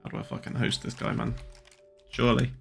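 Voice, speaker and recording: A young man hosting a trading livestream. He chats casually, swears, and jokes while answering viewers' questions. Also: brisk. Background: faint music.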